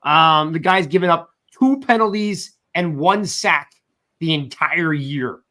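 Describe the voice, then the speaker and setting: An animated man hosts a casual sports talk stream, reading out names from the chat between points. His voice sits high and sounds bright and forceful. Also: slow. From South Jersey. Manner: animated, reads chat shout-outs. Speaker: podcast host.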